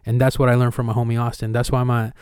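A man's voice: medium pitch, flat delivery, racing, darkish tone, clean tone, dry recording, clean studio sound. A man hosting a podcast in casual conversation, talking candidly with slang and swearing, and acting out the conversations he retells. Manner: acts out retold dialogue with energy. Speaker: podcast host.

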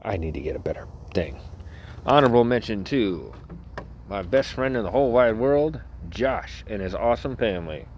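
Low-voiced, foul-mouthed rambling podcaster. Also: male voice, animated, moderate pace, noisy background. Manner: profane, rambling, self-interrupting. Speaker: podcast host.

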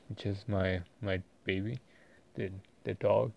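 A man talking casually in a personal vlog, rambling and halting with many fillers and restarts. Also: on the low side, little pitch movement, gravelly, no echo, dull audio. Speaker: vlogger.

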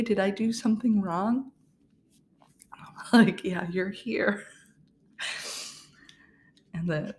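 A young woman hosting a podcast, chatting casually through a personal story, laughing often and restarting her sentences. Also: low voice. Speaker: podcast host.

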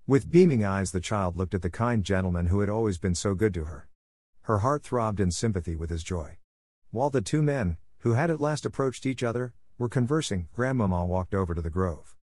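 Low-voiced man reading a storybook. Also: a little fast, dry recording. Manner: steady reading, reads punctuation aloud. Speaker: narrator. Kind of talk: scripted audiobook narration for English learners.

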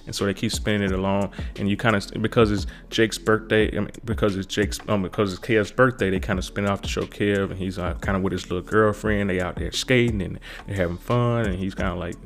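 A man's voice: lowish voice, fairly even intonation, fast talker, few pauses. A man recapping a TV episode in a casual, rambling way, repeating himself and saying kinda a lot.

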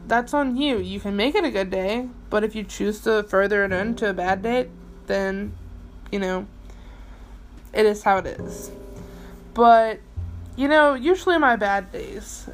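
A woman's voice: a little high, low-quality recording. A young adult woman hosting a podcast, talking through a bad day in a rambling, emotional way with many fillers and restarts, and she swears casually. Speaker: podcast host. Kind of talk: personal late-night monologue.

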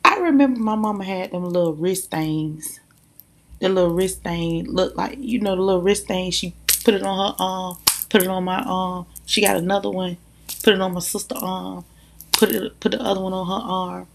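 Gravelly woman talking straight to viewers. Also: on the low side, normal speed, slight background noise. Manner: animated, emphatic, addresses listeners directly. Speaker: mother sharing views. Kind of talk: casual monologue to viewers.

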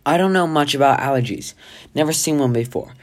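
A gentle, fussy healer who soothes his patient and frets at the same time, in a reader's own near-everyday voice. He talks kindly and plainly, a little anxious underneath, in a homemade storybook reading. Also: mid-range voice, brisk, lightly acted. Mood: reassuring. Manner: gently reassuring, a bit fretful. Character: kind fussy male healer, wild-haired.

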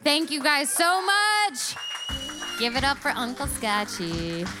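A young woman telling a story on stage to a live audience, animated and swearing freely as she acts out what was said. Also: high voice, takes it slowly, over loud music.

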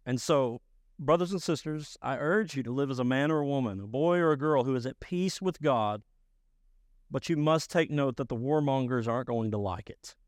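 A man preaching a sermon as pastor, emphatic and rising to loud bursts. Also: medium pitch, moderate pace, no room sound, studio quality.

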